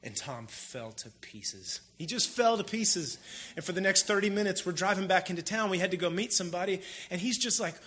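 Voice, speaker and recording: A man preaching a sermon in a casual, storytelling way, with animated emphasis. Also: sits high, quick pace. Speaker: pastor. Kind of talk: conversational sermon.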